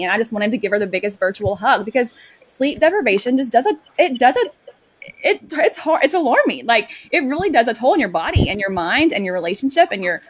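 A woman sleep coach talks quickly and earnestly in a relaxed chat. Her pitch sits in the middle for a woman, and she leans on "like" fillers as she explains. Her speech runs along in long strings. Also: dry recording. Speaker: sleep consultant. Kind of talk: casual chat.

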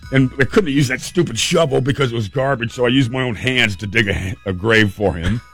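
A man's voice: mid-range voice, a little fast, vocal fry, fairly bright tone, faint music behind. Earnest man telling a personal story. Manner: earnest, emotional, vivid retelling.

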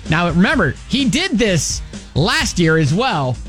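A man's voice: high voice, big pitch swings, unhurried, a bit bright, faint music behind. A man hosting a morning radio call-in show, laughing and playful with callers.

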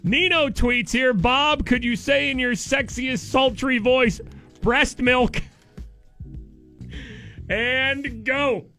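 A man's voice: very high voice, slow pace, pauses often, pushed and bright, faint music behind. A man hosting a morning radio show, upbeat, reading listener tweets aloud in casual banter on a studio mic. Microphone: studio microphone.

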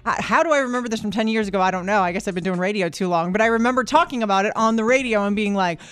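A woman co-hosting a morning radio show, chatty and expressive, laughing often as she talks over a studio microphone. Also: medium pitch, rapid-fire, clear, resonant tone, dry recording.

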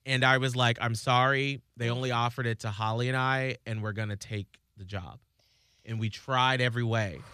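A man hosts a radio morning show in casual on-air chat. His voice is bright and clean, recorded close and dry. He tells stories earnestly and voices the people he quotes. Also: medium pitch, smooth, no echo. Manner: earnest storytelling, acts out quoted lines.

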